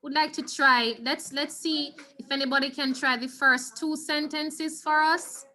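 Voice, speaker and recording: A woman with a Jamaican accent teaching a Spanish class over a video call, encouraging her students and slowly repeating key words. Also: high voice, steady tone, bright, forceful tone.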